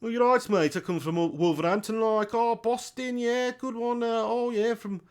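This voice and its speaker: A man's voice: very high-pitched, fairly even intonation, moderate pace, smooth, pitched above the performer's own voice. A man voicing a chatty adult man from Birmingham, with a Birmingham accent and a rising, sing-song lilt. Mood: jokey.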